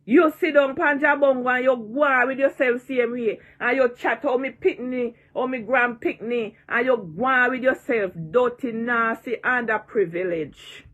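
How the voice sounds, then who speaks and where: A woman's voice: a little high, moderate pace, hardly any pauses, a bit bright, dull audio. A woman in her sixties with a Jamaican accent, ranting and taunting in a vlog, repeating her jeers and cursing freely. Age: 60s. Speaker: online personality.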